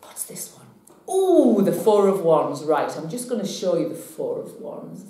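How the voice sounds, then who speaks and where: A woman telling a personal story to camera in a chatty, animated way. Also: lowish voice, measured pace. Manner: chatty, animated when retelling. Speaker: psychic vlogger. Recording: very echoey room.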